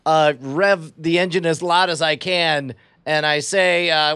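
A man playing a tabletop game, hammy and halting, stumbling over words and quick to laugh. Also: on the high side, bright, forceful tone, clean tone, no room sound, clean studio sound. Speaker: player. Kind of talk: tabletop role-play banter.

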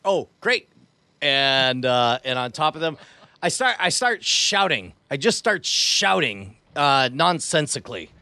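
A man playing a tabletop game, joking in a goofy, hammy, excitable way. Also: fairly high pitch, measured pace, dry recording. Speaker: player. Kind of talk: comedic tabletop play.

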